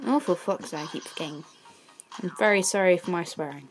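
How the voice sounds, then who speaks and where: A woman's voice: fairly low pitch, normal speed, pauses often, soft background music. A woman giving let's play commentary on a game, easily frustrated, blurting out exclamations and swears at the screen, then apologizing. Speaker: gaming channel host.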